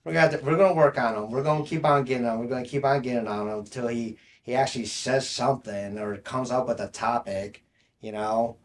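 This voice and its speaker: A young man chatting casually as a podcast co-host. He rambles from story to story and breaks into laughs mid-sentence. His voice sits at an everyday middle pitch. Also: fairly even intonation, a little fast, a little hiss or hum. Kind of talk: casual chat.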